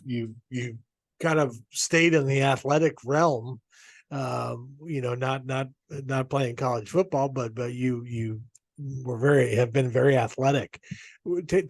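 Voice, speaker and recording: A man hosting an interview, responding with encouragement and asking questions in a halting way full of fillers. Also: mid-range voice, no room sound. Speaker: host.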